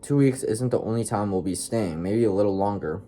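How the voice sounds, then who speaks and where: A young man reading the lines of a tired mother who speaks softly and sighs. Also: lowish voice, fairly quick, slight background noise, close to an everyday voice. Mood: hesitant. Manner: soft and sighing. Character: tired middle-aged mother, sighing, placating.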